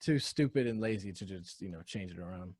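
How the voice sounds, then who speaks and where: A man's voice: low-pitched, animated, a little fast, darkish tone, slightly rough, no room sound. A man co-hosting a casual podcast, laid-back and swearing freely, calling his friend "dude". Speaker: podcast co-host. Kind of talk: casual chat.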